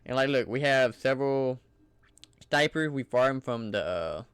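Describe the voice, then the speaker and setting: A man's voice: mid-range voice, lively intonation, measured pace, fairly bright tone, clean tone, dry recording, clean studio sound. A man giving casual, enthusiastic commentary over gameplay footage in a loose, conversational way. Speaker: gaming channel creator.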